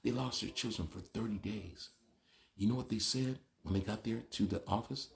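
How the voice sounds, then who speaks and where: A man's voice: on the low side, normal speed, gravelly. A man talking straight to the camera in a casual, opinionated monologue, telling stories animatedly. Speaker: vlogger.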